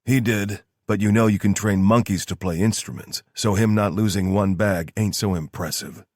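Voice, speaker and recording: A man's voice: fairly low pitch, fairly even intonation, moderate pace, darkish tone, dry recording, voice pushed up, lightly acted. Clipped commanding male soldier, as a narrator puts him on, audiobook, dry sound. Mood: stern. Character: gruff hard-edged male soldier leader.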